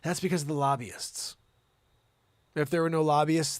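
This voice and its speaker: A man's voice: a little high, normal speed, dry recording. Ranting sarcastic comedy news host, man. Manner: ranting, sarcastic, swearing asides. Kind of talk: comedic news reading on a livestream.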